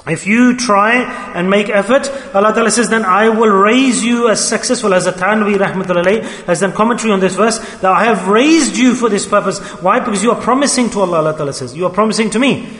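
A man's voice: sits high, fast talker, few pauses, fairly bright tone. A man preaching a sermon, emphatic and repetitive, speaking straight to the congregation. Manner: emphatic, repeating phrases, addressing the congregation directly. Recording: echoey hall.

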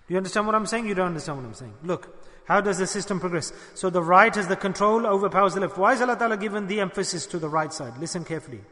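A man preaching a sermon, animated, questioning his listeners and acting out dialogues. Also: high voice, very fast, in a large hall.

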